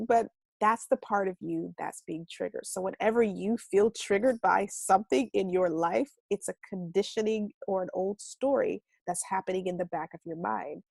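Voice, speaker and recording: A woman coaching a self-love class in a casual, animated way. She swears lightly and acts out quoted voices. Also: mid-range voice, normal speed, gravelly, breathy edge, dry recording. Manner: casual speech with mild swearing. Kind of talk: casual conversational teaching.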